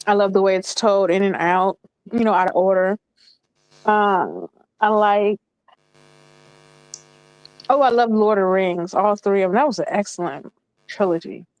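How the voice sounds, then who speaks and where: A woman's voice: mid-range voice, darkish tone, smooth, no room sound, highs cut off. A woman in her thirties chatting casually as a call-in panelist, rambling with lots of fillers. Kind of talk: casual chat.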